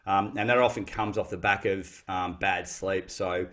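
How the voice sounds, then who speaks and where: A man's voice: deep voice, fairly even intonation, normal speed, a bit bright. A man, a guest on a casual podcast, talking thoughtfully with frequent restarts. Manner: thoughtful, reflective, many restarts.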